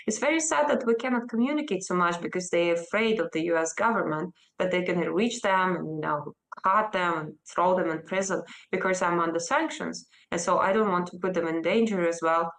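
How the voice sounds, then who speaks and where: A Russian-accented woman in her thirties answers a news interviewer's questions. She speaks emphatically and earnestly, and her voice often leaps higher as she makes a point. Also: fairly bright tone, rough recording. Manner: emphatic and earnest, with sudden rises in pitch. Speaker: interview guest.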